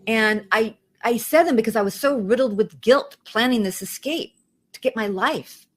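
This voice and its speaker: A woman's voice: on the high side, normal speed, fairly bright tone. A woman, a guest on an interview show, telling her personal story in an earnest way and repeating phrases for emphasis. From outside the United States. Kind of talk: emotional personal testimony.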